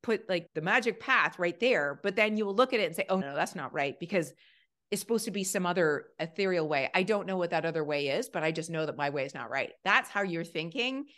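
A woman from Canada coaching on a podcast. She talks quickly with a lively, bouncing pitch, encouraging the host and steering him with questions. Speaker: ADHD coach, guest. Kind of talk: casual podcast conversation.

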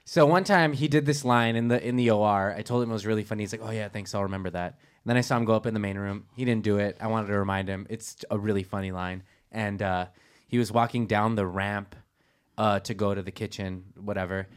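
A man's voice: fairly low pitch, steady tone, fast, clear, resonant tone. Earnest man telling a story. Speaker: podcast host. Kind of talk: casual comedy chat.

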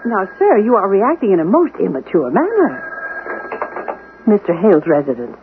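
An actor playing a formal, faintly condescending male butler, calm and superior, in a vintage radio drama. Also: sits high, moderate pace, heavily acted. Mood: prim, composed. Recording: tinny lo-fi old radio recording with hiss.

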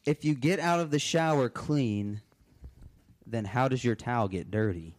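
A man's voice: medium pitch, unhurried. A young man co-hosting a podcast from a home kitchen, talking loosely and crudely with lots of fillers. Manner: loose, profane, rambling with fillers. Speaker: podcast co-host. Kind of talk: casual crude banter.

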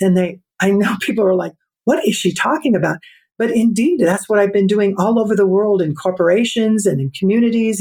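A middle-aged woman, a podcast guest, telling a personal story in an earnest, reflective way and slowing down for emphasis. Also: mid-range voice, a little mellow. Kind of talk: storytelling in an interview.

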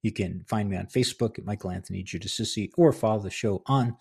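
A middle-aged man hosting a podcast, his voice low and gravelly with a husky edge. He tells a story in a casual, rambling way, correcting himself as he goes. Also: moderate pace, a little mellow. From New Jersey. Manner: conversational, rambling, with fillers and self-corrections. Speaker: podcast host and author.

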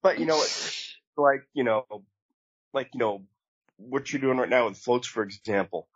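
A middle-aged man co-hosting a podcast, telling flying stories in a relaxed, rambling way with many fillers. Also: mid-range voice, normal speed, breathy edge. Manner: rambling, many fillers, laid-back storytelling. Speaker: podcast co-host, bush pilot. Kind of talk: casual podcast chat. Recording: dry, slightly dull podcast mic.

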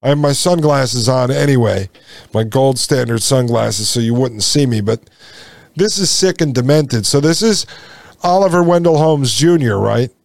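A man hosting a commentary show, talking to listeners with indignation and repeating his points. He slows down and drops low for emphasis. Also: lively intonation, gravelly, dry recording. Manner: indignant, repeats lines, addresses listeners as folks. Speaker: podcast host. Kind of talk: impassioned commentary.

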